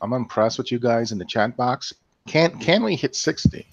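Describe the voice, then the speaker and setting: A man's voice: medium pitch, lively intonation, moderate pace, highs cut off, background noise. A man co-hosting a casual livestream, chatty and laughing often as he rambles through stories. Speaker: livestream co-host.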